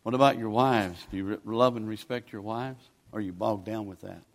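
A man's voice: fairly low pitch, fairly quick. A man, preaching a sermon in a folksy, pleading, conversational way as a guest preacher. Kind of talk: sermon with altar call.

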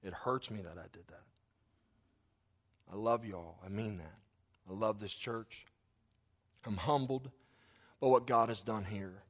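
A middle-aged man preaching a sermon, earnest and apologetic, growing louder when he stresses a point. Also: fairly low pitch, measured pace, long pauses, breathy edge. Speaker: pastor.

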